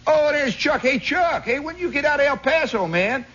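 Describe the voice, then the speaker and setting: A man's voice: very high voice, animated, moderate pace, fairly bright tone, voice pushed up. A man voicing a hearty country man greeting old buddies, on a dull 1960s radio recording. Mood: jovial.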